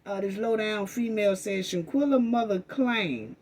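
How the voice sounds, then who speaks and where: A woman's voice: medium pitch, normal speed, a little mellow. A woman delivering an impassioned commentary rant, emphatic and accusatory, hammering the same phrases over and over. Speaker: commentary vlogger.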